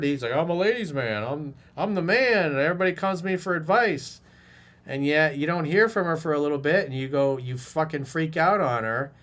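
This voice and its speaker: Blunt, profane male dating coach. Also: a little high. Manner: casual bro-talk, direct address. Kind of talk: advice monologue reacting to a viewer's message.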